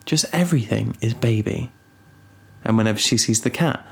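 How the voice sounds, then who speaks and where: A young man co-hosting a casual podcast, rambling and teasing with deadpan asides. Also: on the low side, moderate pace, gravelly, husky. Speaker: podcast co-host. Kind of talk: casual chat.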